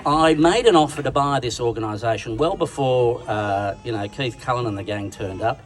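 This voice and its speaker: A man's voice: medium pitch, moderate pace. Crude Australian man roasting from a stage. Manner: bawdy, crude and self-mocking, with a crowd laughing along. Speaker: roast speaker. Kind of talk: stand-up roast speech at a dinner. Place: large function room at a dinner event. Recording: distant sound with a loud crowd.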